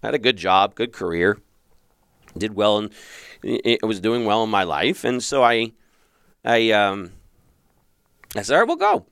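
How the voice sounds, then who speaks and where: Host, male, lowish smooth voice, lively storyteller, dry close mic. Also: unhurried, long pauses, no echo. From Philadelphia. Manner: animated, with many restarts, acts out past thoughts in a raised voice. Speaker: podcast host and relationship coach. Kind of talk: personal storytelling monologue.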